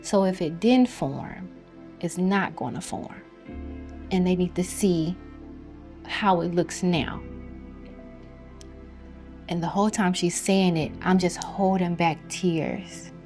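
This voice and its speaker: A young woman gives personal testimony about her hard pregnancy in a lowish voice, slow and with long pauses. She's emotional, falling to near whispers at the hardest parts, with soft music playing behind her.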